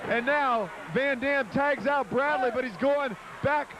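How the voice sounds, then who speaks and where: A man calling wrestling play-by-play, rapid and hyped, shouting the big moments. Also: very high voice. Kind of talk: fast wrestling commentary. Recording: noisy 1990s TV broadcast.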